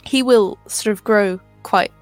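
A woman's voice: mid-range voice, a little slow, no echo, soft background music. A woman playing a tabletop game, describing her character's actions tentatively. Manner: tentative, thoughtful. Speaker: player. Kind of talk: tabletop role-play.

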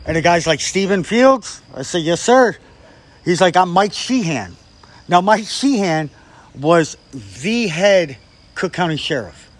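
A man's voice: sits high, animated, a little slow. Cursing man. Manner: profane, acts out quoted people. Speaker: guest storyteller. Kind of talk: casual storytelling chat.

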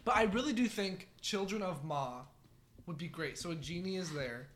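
A man's voice: high-pitched, lively intonation, moderate pace, a bit bright, a little hiss or hum. A man co-hosting a podcast, telling a crude story in casual chat, often giggling and rambling. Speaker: podcast co-host.

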